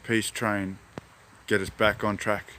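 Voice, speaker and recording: A man's voice: lowish voice, flat delivery, takes it slowly, bright, forceful tone, slight background noise. Laid-back Australian man rambling outdoors. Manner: meandering, spiritual, laid-back, slangy. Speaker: hobby gardener vlogger. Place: his backyard garden outdoors.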